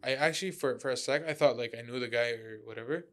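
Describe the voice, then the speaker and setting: A man in a mid-range voice tells a story on a podcast. He is animated and often trips over his words. He jumps in and out of the voices of the people in his story. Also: medium pitch, quick pace. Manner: animated, acts out quotes, stumbles over words. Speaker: podcast guest. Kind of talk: casual storytelling.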